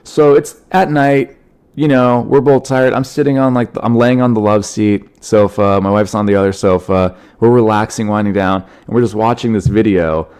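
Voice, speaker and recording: A man's voice: fairly low pitch, normal speed, clear, resonant tone. Sniffly man rambling through a story. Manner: animated, rambling, frequent fillers. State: congested from a cold, sniffling. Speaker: podcast host, comedian. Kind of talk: casual solo podcast storytelling.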